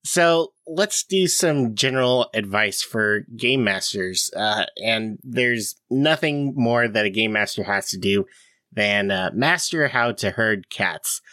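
A male host leading a casual podcast chat, upbeat and moving the talk along. His voice sits low but sounds bright and forceful, recorded dry with no room sound. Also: expressive, slow pace, no echo.

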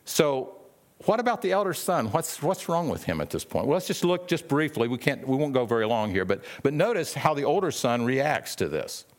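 A man's voice: mid-range voice, big pitch swings, normal speed. A man preaching a sermon in a conversational way, with many restarts and questions to the listeners. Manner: acts out the brothers' lines in a raised, sharp voice.

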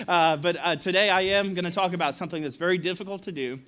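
High-voiced pastor preaching a sermon. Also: male voice, a little fast, hardly any pauses. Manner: storytelling, laughing, animated asides to congregation.

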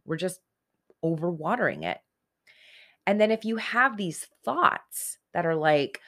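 A woman's voice: fairly low pitch, sing-song, a little slow, fairly bright tone. A woman in her forties giving an earnest, conversational motivational talk on self-help, speaking straight to her listeners. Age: 40s.

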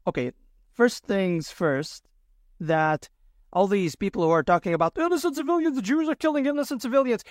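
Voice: mid-range voice, sing-song, moderate pace, no room sound, studio quality. A podcast host delivering a solo commentary monologue, indignant and sarcastic, firing off rhetorical questions. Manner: sarcastic mockery.

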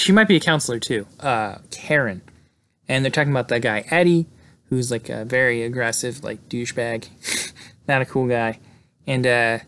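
A man casually retelling a film's plot in a loose, rambling way, full of fillers and quick laughs. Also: medium pitch, a bit bright. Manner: rambling, lots of "like" and "uh", laughs often. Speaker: podcast host recapping a film. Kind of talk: casual movie recap.

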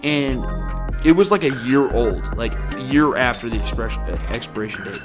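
A man's voice: medium pitch, lively intonation, moderate pace, music in the background. A young man telling a rambling, profane story on a casual podcast, sounding exasperated. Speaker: podcast host.

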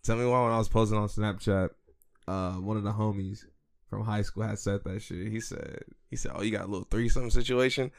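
A man's voice: lowish voice, fairly even intonation, gravelly, dry recording, clean studio sound. A young man co-hosting a podcast, joking around and playfully protesting. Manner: joking, teasing and quick to protest. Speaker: podcast co-host. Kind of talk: casual chat.

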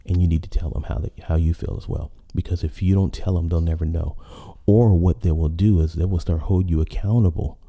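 A man's voice: low voice, fairly even intonation, brisk, hardly any pauses, dull audio. A man hosting a podcast, talking in a rambling casual monologue full of fillers and restarts. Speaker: podcast host.

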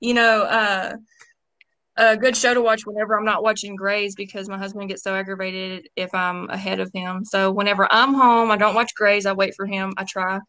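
Easygoing woman guest, bright dry voice. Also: medium pitch, little pitch movement, moderate pace, no echo. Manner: friendly, easygoing, agreeable. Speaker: guest, salon owner. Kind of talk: casual chat.

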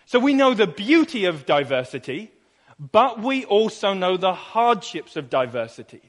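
A man's voice: high-pitched, very animated, normal speed. A young man preaching a sermon in a conversational way, asking rhetorical questions and repeating phrases for emphasis. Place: church. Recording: long reverb of a church hall.

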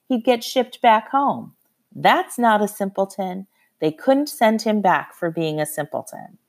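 A woman narrating a historical story in the first person, expressive and measured. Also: mid-range voice. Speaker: audiobook narrator.

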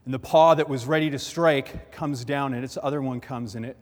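Pastor, male, mid-pitched, storytelling sermon, big church reverb. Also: fairly quick. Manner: storytelling, animated joke-telling. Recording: long hall reverb.

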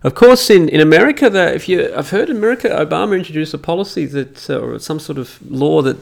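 A man's voice: fairly high pitch, expressive, fast talker, vocal fry. A middle-aged Australian man hosting a solo podcast, ranting profanely in a mocking, emphatic way into a studio microphone. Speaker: podcast host.

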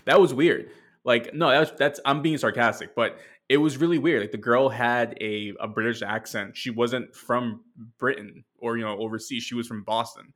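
A man's voice: medium pitch, steady tone, moderate pace, fairly bright tone. A man co-hosting a podcast in casual chat, rambling with lots of "like" and dry sarcasm. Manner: rambling, sarcastic, many fillers. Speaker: podcast co-host.

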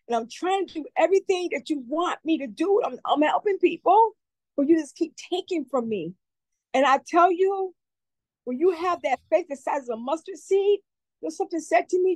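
Woman, high voice, earnest, emotional, repetitive, dry studio sound. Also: expressive, moderate pace, darkish tone, no echo, low-quality recording. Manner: earnest, heartfelt, repeats herself. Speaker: community advocate guest. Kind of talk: emotional testimony in an interview.

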